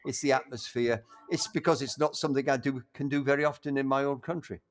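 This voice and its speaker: An older man reminiscing in a casual conversation, halting with frequent restarts and warmly enthusiastic. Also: medium pitch, steady tone. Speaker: interview guest.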